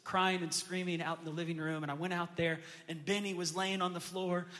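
A pastor in his thirties preaching a sermon to a congregation, building to loud impassioned peaks and acting out his children's voices in a story. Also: high-pitched, flat delivery, a little fast. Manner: acts out quoted voices of his kids in storytelling. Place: church sanctuary with a congregation. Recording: long hall reverb from a church sanctuary.

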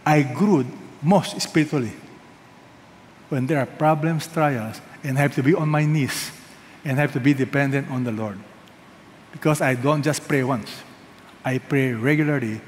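A man's voice: medium pitch, moderate pace, long pauses. Guy preaching, emphatic, gets the crowd to repeat after him, bit of hiss in a big echoey hall. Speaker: pastor. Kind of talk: sermon. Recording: reverberant hall with faint noise.

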